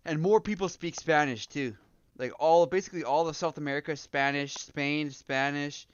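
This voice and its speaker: A man's voice: a little high, normal speed, clear, resonant tone, dry recording, muffled recording. A young man from Canada chatting casually on a game livestream, joking and swearing with frequent laughs. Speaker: streamer.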